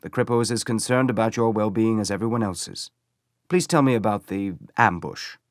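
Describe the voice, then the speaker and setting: A man voicing a calm, courteous and methodical police inspector in an audiobook. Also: fairly low pitch, a little fast, no room sound, clean studio sound, natural voice. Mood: deliberate.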